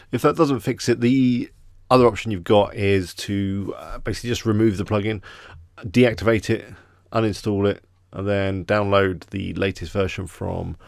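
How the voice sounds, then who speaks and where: A man's voice: on the low side, creaky, dry recording, clean studio sound. Chatty English man hosting a live stream. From England. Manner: chatty, greets viewers by name. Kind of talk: casual live stream chat.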